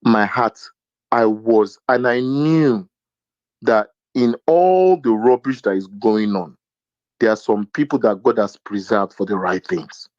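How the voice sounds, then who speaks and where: Nigerian man telling a lively anecdote. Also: on the low side, unhurried, no echo, highs cut off. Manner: animated anecdote-telling with many fillers and acted quotes. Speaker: podcast co-host. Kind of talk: casual storytelling chat.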